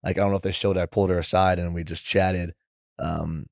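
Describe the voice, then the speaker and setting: A young man talking as a podcast guest in a rambling, casual way, saying "like" a lot and quoting others in lively voices. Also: low-pitched, fast talker, vocal fry, no echo, clean studio sound. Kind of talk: casual interview chat.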